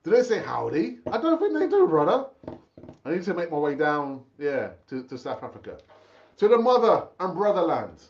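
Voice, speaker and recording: With a sing-song, high-ish voice and a moderate pace, a middle-aged football fan channel host chats on a casual live stream. He's talkative and repetitive, calling his viewers brother. The highs in the audio are cut off.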